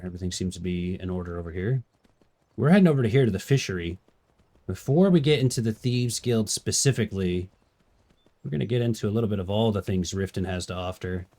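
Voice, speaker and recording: A man's voice: on the low side, quick pace, mellow. Goofy young man streaming a game. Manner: goofy, jokey, does animal noises. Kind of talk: casual gameplay commentary.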